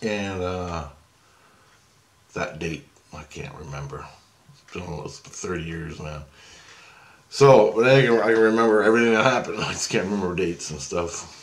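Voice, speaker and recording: Deep-voiced middle-aged man rambling casually. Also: moderate pace, long pauses. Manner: rambling, chatty, peppered with slang and swearing. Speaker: storyteller recounting a past experience.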